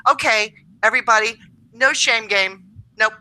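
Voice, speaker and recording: A woman's voice: mid-range voice, animated, moderate pace, pushed and bright, poor audio. A woman co-hosting a casual astrology show, reading tarot cards in a chatty, upbeat way with lots of fillers. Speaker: tarot reader co-host.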